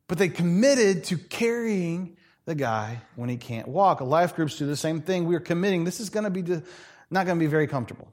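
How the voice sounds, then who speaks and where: A man's voice: on the high side, fairly quick. A middle-aged male pastor preaching a sermon, telling funny stories and acting out the people in them. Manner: animated, joking, acts out voices in his stories.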